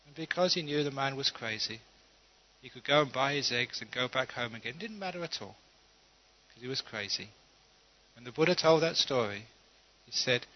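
A male Buddhist teacher tells a parable in an easy, chuckling way and leaves plenty of pauses. His voice sits at a middle pitch. The recording is slightly dull and lo-fi. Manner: relaxed, chuckling storyteller with pauses. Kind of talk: humorous dharma talk with storytelling.

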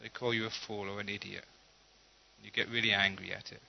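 A man giving a humorous Buddhist talk, telling stories in a relaxed, unhurried way with pauses and chuckles. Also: on the low side, vocal fry. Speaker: Buddhist teacher. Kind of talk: humorous dharma talk with storytelling. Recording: dull lo-fi talk recording.

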